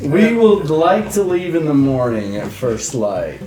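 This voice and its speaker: Player guy in character, polite and old-fashioned, slow, echoey room. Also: on the high side, sing-song, far from the mic, music in the background. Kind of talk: in-character tabletop role-play.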